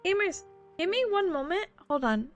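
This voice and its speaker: A young woman chats casually on a live stream, her voice high and swinging widely in pitch. She giggles a lot and drops into silly playful voices. Faint music plays quietly behind her. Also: lively intonation, normal speed.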